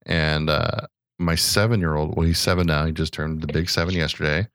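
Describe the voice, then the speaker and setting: A man's voice: very deep voice, steady tone, a little fast, fairly bright tone, no echo, studio quality. A man, a podcast co-host who streams, telling a story in casual chat and swearing freely.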